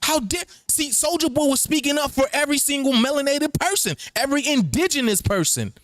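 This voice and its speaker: A man hosting a show, talking in an animated, rambling way and repeating his phrases. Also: very high voice, brisk, no room sound, studio quality, soft background music. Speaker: host. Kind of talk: freewheeling spoken commentary.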